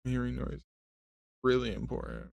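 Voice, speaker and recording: A young man chats with his stream while high and half asleep, sassy and full of swearing as he drifts from topic to topic. His voice has a gravelly, fried edge at a middle pitch. The sound is close and dry, with no room echo. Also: moderate pace, a little mellow. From Mexican heritage. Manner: sassy, swearing, rambling chatter. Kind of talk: casual stream chat reading comments.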